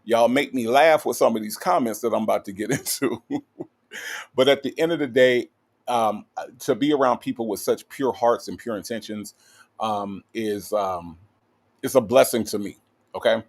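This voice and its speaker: A man runs a relaxed livestream, greeting viewers and reading their comments aloud. He talks in an animated, teasing way, full of fillers, and keeps checking in with a quick "okay?". His voice sits at an ordinary pitch for a man. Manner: animated, playful, with lots of "okay?" tags and fillers. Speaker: livestream host.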